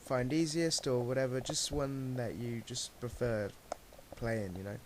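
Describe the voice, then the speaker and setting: Slow-talking man hosting a game chat. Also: mid-range voice, steady tone. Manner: friendly, laughs often, asks questions. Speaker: host of a gaming Q&A series. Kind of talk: casual chat while playing a game. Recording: hissy home mic recording.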